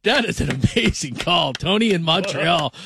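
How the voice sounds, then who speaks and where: A man hosting a sports radio talk show, reacting to a caller in an excitable, enthusiastic way. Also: fairly high pitch, moderate pace, creaky, slight background noise.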